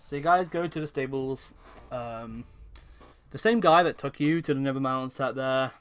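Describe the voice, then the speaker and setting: A young man narrating as game master of a tabletop game, hesitant and full of pauses while he checks the rules. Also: mid-range voice, fairly bright tone, clear, resonant tone.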